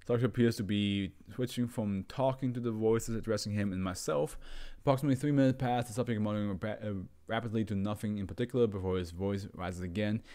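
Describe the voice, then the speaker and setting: A man hosting a reading, pausing to chuckle and make offhand comments. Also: fairly low pitch, steady tone, mellow. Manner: chuckles often, reacts with off-hand comments. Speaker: channel host reading stories. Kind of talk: casual reading with asides.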